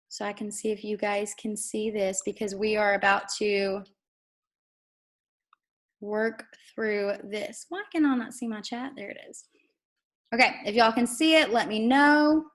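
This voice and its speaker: A woman's voice: mid-range voice, fairly even intonation, unhurried. A woman giving an earnest, emphatic motivational training to her team over a video call, with apologetic asides. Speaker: network marketing team coach.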